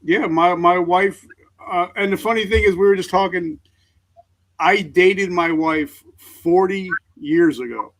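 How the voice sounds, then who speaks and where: A middle-aged man, a veteran guest on an interview show, speaking earnestly and openly in halting sentences. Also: high-pitched. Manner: earnest, halting, emotionally open. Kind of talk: candid interview talk.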